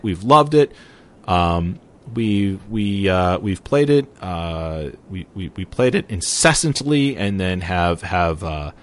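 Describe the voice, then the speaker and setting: Man, podcast host, gaming discussion, animated delivery, low voice. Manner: animated, leads the talk.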